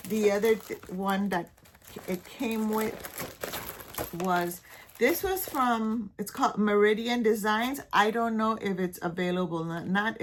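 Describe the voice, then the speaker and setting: A woman with a Caribbean accent talks casually to her camera at home. Her delivery is chatty and loose, full of restarts and trailing thoughts, and she often drops to a soft, almost whispered voice. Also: mid-range voice, a little hiss or hum. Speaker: cross-stitch vlogger. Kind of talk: casual show-and-tell chat.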